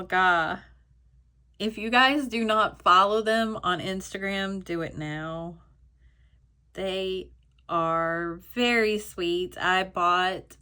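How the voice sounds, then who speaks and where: Woman doing a chatty unboxing vlog, kinda low voice, slow, gets all gushy and breathless. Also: sharp tone. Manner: gushing, emotional, breathless exclamations; chatty storytelling. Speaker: stationery YouTuber. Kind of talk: casual haul vlog, unboxing.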